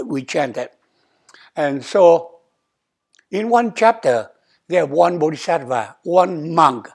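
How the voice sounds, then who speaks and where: A man's voice: fairly high pitch, gravelly. An older man, an abbot, giving a sermon at a temple in simple English, often checking in with "okay?" and acting out quoted dialogue. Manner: non-native English, simple repetitive phrasing, asks "okay?"; acts out quoted dialogue with rising emphasis. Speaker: abbot giving a dharma talk. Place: temple hall.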